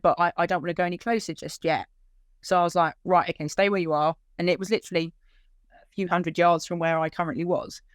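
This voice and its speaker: A woman's voice: on the low side, no room sound, clean studio sound. A woman telling the emotional story of searching for her lost dog, acting out the dialogue as she goes. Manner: animated retelling with quoted dialogue, voice lifting when moved.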